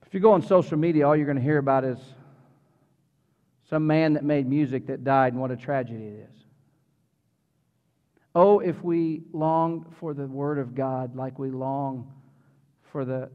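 A middle-aged man, a pastor, preaching a sermon in a church, animated and conversational with humorous asides to the congregation. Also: medium pitch. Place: church sanctuary. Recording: reverberant hall, slightly dull sound.

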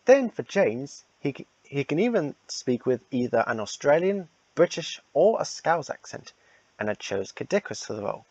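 A man's voice: on the high side, very animated, moderate pace, a little mellow, dry recording, dull audio. A man casually announcing the casting for a fan redub, rambling and repeating himself.

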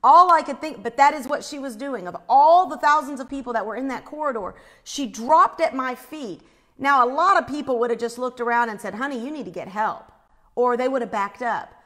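A woman telling a personal faith story in an animated way, acting out the screams she describes. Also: high voice, brisk.

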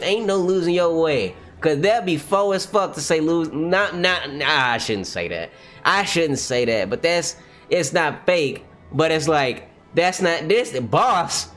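A man reading a manga aloud on a livestream and reacting, animated, often exclaiming and laughing. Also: fairly high pitch, unhurried, soft background music.

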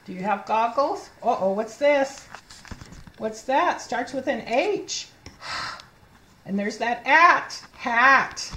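A woman reading teacher leading an early reading lesson for young children, slowly sounding out letters and words and encouraging her listeners. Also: high voice, expressive, sharp tone, echoey room. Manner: encouraging, speaking to children as if they were present.

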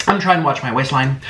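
A man hosting a mukbang eating show, chatting casually and excitedly to his viewers. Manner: hyper and excitable, swooping pitch. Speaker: mukbang host. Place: home in Florida. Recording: echoey room, faint noise.

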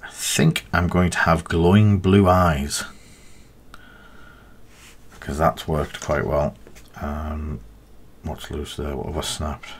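A man's voice: a bass voice, fairly even intonation, slow, long pauses, slightly rough. A man chatting casually on a live stream while painting miniatures, thinking aloud in a rambling, half-mumbled way.

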